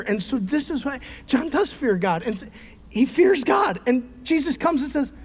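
A middle-aged male pastor preaching a sermon, emphatic, swinging from shouted peaks to quiet conversational asides. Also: very high-pitched, big pitch swings, normal speed. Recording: long hall reverb.

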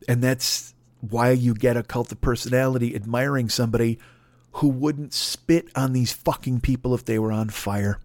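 A man hosting a podcast, ranting in a loud, profane, mocking way and acting out other people's voices. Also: mid-range voice, steady tone, normal speed, no echo. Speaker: podcast host. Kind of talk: profane political rant.

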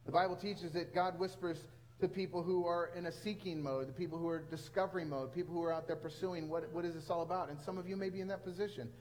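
A man's voice: a little high, fairly even intonation, fast, darkish tone, slight background noise, poor audio. A male pastor preaching a sermon to a congregation, telling stories with earnest, rising emphasis.

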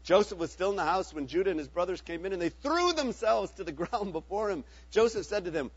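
Male scripture reader with a high voice, steady and earnest. Dull, lo-fi audio. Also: fairly quick, few pauses, breathy edge, no echo. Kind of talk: Bible reading.

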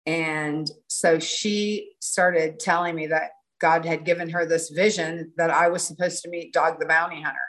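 A middle-aged woman telling an animated story in an interview and acting out the lines of the people in it. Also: low voice, normal speed, rough recording. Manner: animated, breathless storytelling with quoted dialogue. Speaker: guest.

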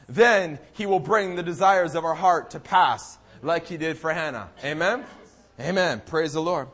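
A young man preaching a sermon, who acts out the people of the story and breaks into loud cries. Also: a little high, normal speed. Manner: dramatic, acts out the people in the story, bursts into shouted pleas.

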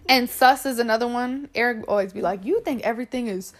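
A woman's voice: on the high side, a little fast, a crowd in the background. A young woman with a New York accent chatting bluntly as a podcast co-host, swearing freely and saying "like" a lot. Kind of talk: casual chat.

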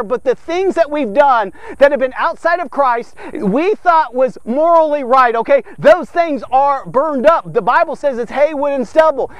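A man preaches a sermon in a high voice, emphatic and direct, checking in with his listeners by saying "okay?" again and again. The sound is dry and close, with no room echo. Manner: emphatic, repeats "okay?" often.

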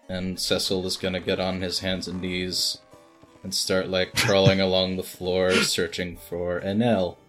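A man playing a tabletop game, describing his character's actions in a dry, deadpan way. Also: low-pitched, a little slow, soft background music. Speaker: player.

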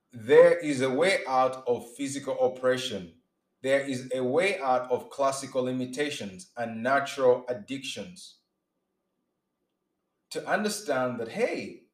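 A man preaching informally, earnest and emphatic, often restarting his sentences and acting out his examples. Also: mid-range voice. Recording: roomy echo.

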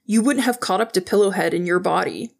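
Woman reading as a smug teen boy clowning around, bit of vocal fry. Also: medium pitch, fairly quick. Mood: teasing. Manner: joking, smug. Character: teenage boy, cocky class clown.

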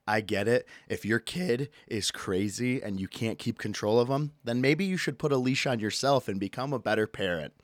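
Animated, ranting podcast host man. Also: mid-range voice, no echo, clean studio sound. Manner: animated, ranting, jokey, quick to yell out bits. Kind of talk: casual solo podcast rant.

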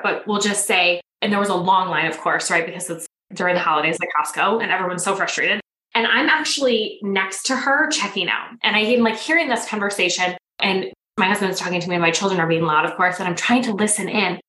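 A woman's voice: medium pitch, fairly quick, reverberant, poor audio. A woman in her thirties, a manifestation coach, chatting as a podcast guest and telling stories with acted-out dialogue. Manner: animated storyteller, acts out quoted dialogue. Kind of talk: casual podcast interview.

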